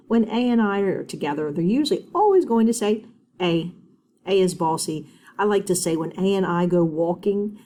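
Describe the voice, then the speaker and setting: Mellow-voiced woman teaching phonics. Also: on the low side, a little hiss or hum. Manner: encouraging, sounds words out slowly. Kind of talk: phonics lesson for children.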